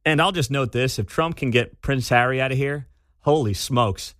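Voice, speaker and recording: A man's voice: medium pitch, normal speed, fairly bright tone, no echo. Opinionated radio host guy, chatty and snarky, dead dry studio sound. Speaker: radio talk show host. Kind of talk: opinionated talk radio commentary. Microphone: studio mic.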